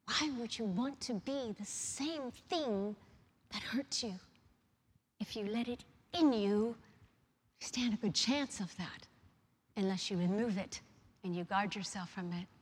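A woman preaching a sermon, moving from hushed, near-whispered lines to loud, animated storytelling. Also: a little high, breathy edge. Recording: long reverb of a large hall.

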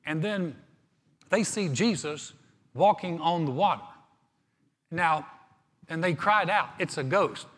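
A man preaching a sermon as pastor, reading scripture and then explaining it in a relaxed, conversational way with touches of humor. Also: on the high side, slow pace, pauses often, in a large hall.

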